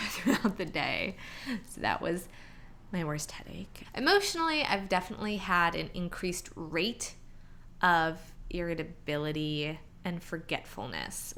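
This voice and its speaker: A young woman talks through her week in a relaxed vlog, her voice sitting on the low side. She leans on fillers and breaks into quick impressions of her own reactions. A faint hiss of room noise stays under her voice. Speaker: vlogger. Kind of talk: casual pregnancy vlog chat.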